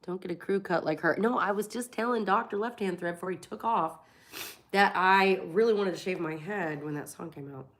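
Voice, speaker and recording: A woman's voice: mid-range voice, brisk. A woman in her forties who has a cold, telling blunt, profane stories on a casual livestream and acting out what people said. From Florida. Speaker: livestream host. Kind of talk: casual live-stream storytelling.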